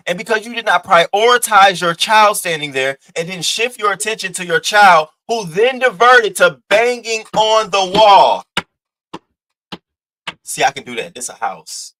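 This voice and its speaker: Profane high-voiced man lecturing. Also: expressive, unhurried, sharp tone, poor audio. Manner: blunt, profane, mocking, lecturing. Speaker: commentary host. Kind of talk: reaction commentary.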